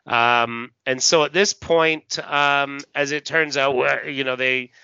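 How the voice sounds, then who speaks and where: A man's voice: mid-range voice, fairly even intonation, takes it slowly, creaky, few pauses, pushed and bright, smooth, no echo, lo-fi sound. A man hosting a casual podcast, recapping a comic with many fillers and reading the panels aloud. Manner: hesitant, many fillers, acts out dialogue.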